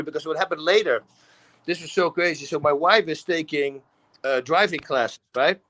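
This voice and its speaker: Dutch man telling animated stories. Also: a little high, moderate pace, low-quality recording. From Netherlands. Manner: animated storytelling, acts out quotes, laughs often. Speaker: guest. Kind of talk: casual storytelling.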